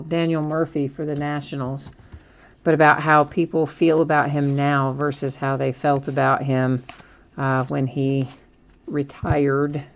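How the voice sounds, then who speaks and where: A woman's voice: sits low, highs cut off. A woman hosting a live trading card break, chatting and thinking aloud with frequent small laughs as she opens packs.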